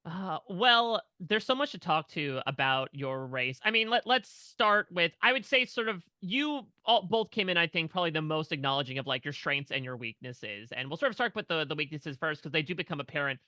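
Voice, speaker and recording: A man asks his guests long, winding questions. He talks fast in a bright, forward voice, with the sound dry and close. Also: a little high, animated, no echo. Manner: rambling, hedging questions. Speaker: interviewer. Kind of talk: interview questions.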